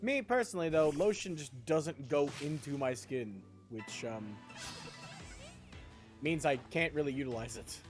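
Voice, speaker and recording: A young man chats casually while playing a game on a live stream, rambling and tossing in jokey asides. His voice is fairly high with lively intonation and an unhurried pace, and faint music plays in the background.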